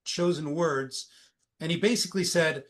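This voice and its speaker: A man's voice: a little high, moderate pace. Middle-aged man telling a story. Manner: animated, anecdotal retelling. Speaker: podcast guest, recruiter. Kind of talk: conversational storytelling.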